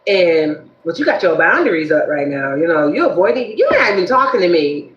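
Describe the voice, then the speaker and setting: A woman's voice: fairly low pitch, big pitch swings, brisk, reverberant, highs cut off, a little hiss or hum. A woman voicing a resentful, controlling ex-partner who whines and wheedles to get back in. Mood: pleading. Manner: accusing, whiny, wheedling.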